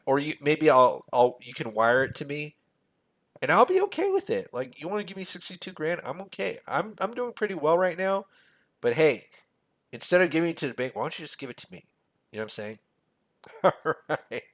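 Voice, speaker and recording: A man hosting a finance channel, walking through a spreadsheet in a casual way, with joking, sarcastic asides and big swings between loud and quiet. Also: mid-range voice.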